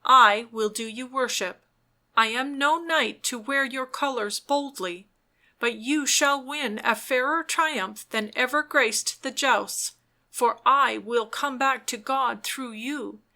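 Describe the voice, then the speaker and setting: A woman's voice: fairly high pitch, slow pace, bright, forceful tone, heavily acted. A woman voicing a tormented, repentant young man in a storybook, speaking in a fervent, imploring way.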